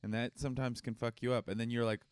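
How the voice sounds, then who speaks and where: A man's voice: medium pitch, little pitch movement, fast, smooth, dry recording. A man co-hosting a comedy podcast, joking and rambling in casual chat close to the mic. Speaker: podcast co-host.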